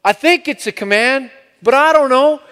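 Gentle, resonant elderly man with a halting cadence, put on by a male preacher, high-pitched, in a reverberant hall. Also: clean tone. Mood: pleading.

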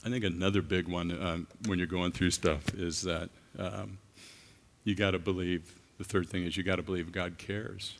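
A man preaching a sermon as a guest speaker, earnest and halting, with frequent restarts. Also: low voice, level tone, vocal fry. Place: church. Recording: long reverb of a large hall.

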